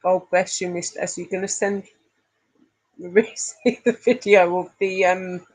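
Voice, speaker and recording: Chatty woman, low and slow. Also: fairly even intonation, poor audio. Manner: chatty, affectionate, laughs often. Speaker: live stream host. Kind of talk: casual live chat reading comments.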